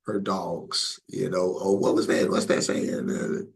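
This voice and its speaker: A man hosting a reaction video, talking in a low, gravelly voice with a husky edge. He comments in a relaxed, rambling way, full of fillers. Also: unhurried, low-quality recording. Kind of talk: casual commentary.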